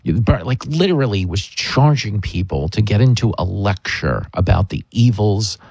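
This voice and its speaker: A man's voice: fairly low pitch, expressive, moderate pace, a little mellow, slightly rough, no echo. A man hosting a talk radio show, chatting in a sarcastic, mocking way. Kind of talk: opinionated talk radio chat.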